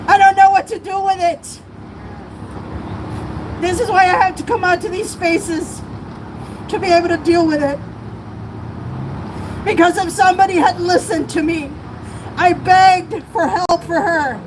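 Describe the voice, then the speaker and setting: Her voice is high and steady, measured in pace with frequent pauses, yet fervent and emotional enough to break at times as she addresses a protest rally outdoors on a city street. The live stream comes from a streamer's camera mic in the crowd, full of crowd and traffic noise.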